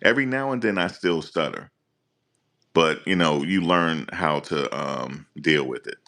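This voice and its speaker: A man hosting a live stream, talking casually and teasing his viewers in an animated rant. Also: very deep voice, unhurried, creaky.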